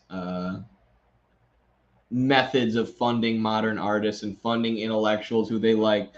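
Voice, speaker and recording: A man's voice: fairly low pitch, darkish tone, highs cut off. Sarcastic man reading with commentary. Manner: sarcastic, mocking asides. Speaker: host. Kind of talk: reading an article aloud with commentary.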